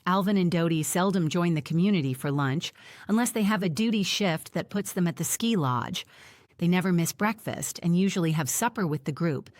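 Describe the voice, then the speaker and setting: A woman with a fairly low voice reads a first-person audiobook in a plain, even storytelling manner. The recording is dry and close, with no room sound. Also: brisk, no room sound. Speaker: audiobook narrator.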